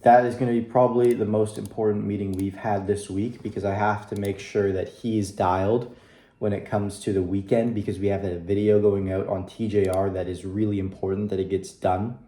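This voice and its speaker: A young man with a fairly low voice talks straight to his viewers, upbeat and a little rambling, with lots of fillers. His room is echoey, and he sits at his computer with keys clicking now and then. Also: little pitch movement, moderate pace, mellow. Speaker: vlogger. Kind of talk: casual video diary.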